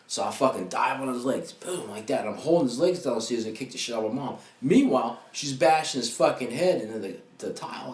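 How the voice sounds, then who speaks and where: A man co-hosting a comedy podcast, telling a story with lots of swearing in a casual, animated way. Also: fairly low pitch, brisk, slight background noise. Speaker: podcast co-host. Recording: echoey room with faint ambience.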